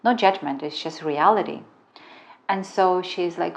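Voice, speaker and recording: A woman's voice: lowish voice, unhurried, vocal fry, muffled recording. A middle-aged woman, not a native English speaker, telling a dramatic personal story as a relationship coach and swearing freely. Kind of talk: storytelling talk.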